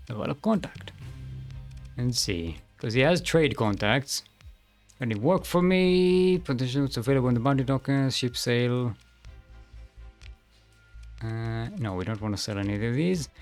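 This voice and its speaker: Guy streaming a game, thinking out loud, mid pitch, humming bits, soft music in the back. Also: animated, measured pace, long pauses. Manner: thinks aloud, hums and mutters to himself. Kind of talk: casual gameplay commentary.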